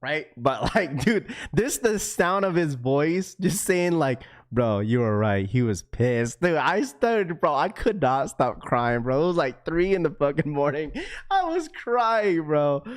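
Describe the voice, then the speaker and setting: A young adult man hosting a livestream and telling a story to his chat in a casual, animated way, laughing often, swearing and saying "bro" all the time. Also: a little high, measured pace. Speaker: livestream host.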